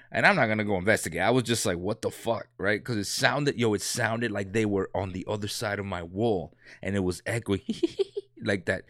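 A man's voice: lowish voice, sharp tone, no echo, clean studio sound. A man in his thirties telling a casual anecdote, rambling and profane, with many restarts. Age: 30s. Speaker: storyteller.

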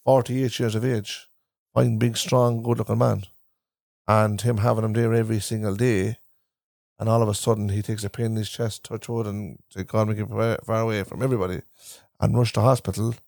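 A man's voice: fairly low pitch, little pitch movement, moderate pace, gravelly, darkish tone, no echo, studio quality. A man with an Irish Traveller accent, a podcast host who rambles and repeats himself while telling family stories in a casual chat recorded in a caravan.

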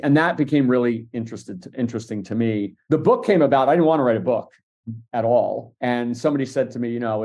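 A middle-aged man tells stories as a guest in a relaxed interview. He talks quickly, with a warm, darker tone, and keeps acting out what other people said. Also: mid-range voice. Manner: fast, animated storytelling with acted-out quotes. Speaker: podcast guest, entrepreneur. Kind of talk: casual interview storytelling.

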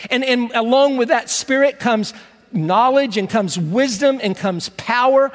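A male pastor with a very high voice, preaching a sermon in a relaxed, conversational way. He stumbles over repeated words, then slows right down to press home a phrase. The sound carries the long reverb of a church hall. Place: church sanctuary.

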